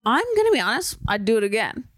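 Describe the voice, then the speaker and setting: A woman's voice: on the high side, big pitch swings, quick pace, a bit bright, no room sound, clean studio sound. A young woman co-hosting a podcast in casual, rambling chat, laughing often and saying "like" a lot. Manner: giggly, rambling, full of "like". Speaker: podcast co-host.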